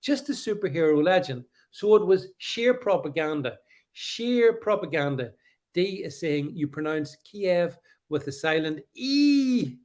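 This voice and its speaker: A man's voice: sits high, big pitch swings, a little slow, a little mellow. A middle-aged man hosting a casual livestream, talking in a sarcastic, mocking way and laughing often. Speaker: livestream host.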